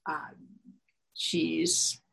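A woman voicing a loving, patient mother who speaks softly and reassuringly to her daughter in a story, over a video call. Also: very slow. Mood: tender. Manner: soft, reassuring.

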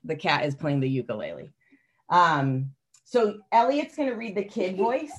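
A woman leading a children's message in worship, reading aloud slowly and teaching with a light laugh. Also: fairly low pitch, expressive, husky.

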